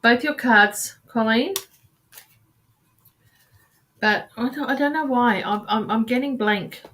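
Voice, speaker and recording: Female card reader, live stream; halting delivery, frequent sighs, endearments. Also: fairly high pitch, a bit bright. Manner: calls listeners sweetheart and darling.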